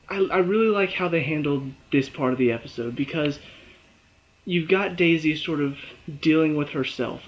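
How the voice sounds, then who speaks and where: A man with a fairly high voice talks through a TV episode on his own, lively and quick to act out what the characters say. The recording is dull and lo-fi. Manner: animated, acts out characters' lines and his own reactions. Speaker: TV show reviewer. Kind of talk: casual solo review.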